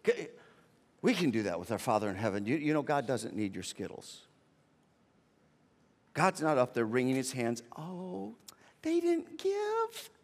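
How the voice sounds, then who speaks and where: A man preaching a sermon, animated and joking, often restarting with repeated words as he tells a family story. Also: medium pitch, normal speed, long pauses. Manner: animated, repetitive starts, comic exaggeration. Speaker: pastor. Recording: long reverb of a large hall.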